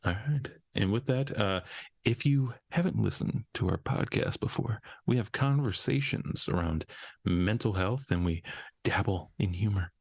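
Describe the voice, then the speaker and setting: Man, young adult, from Minnesota, podcast host, low voice, dry, jokey banter. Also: unhurried, creaky, slightly rough, no echo. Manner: jokey, laughs often, swears casually.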